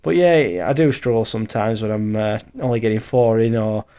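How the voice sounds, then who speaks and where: A tired tradesman in his thirties talks through his work in a loose, rambling voiceover, with plenty of fillers and the odd swear. His voice sits low and has a gravelly edge. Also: a little fast, mellow. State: tired from lack of sleep. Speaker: bricklayer vlogger. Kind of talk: casual voiceover commentary.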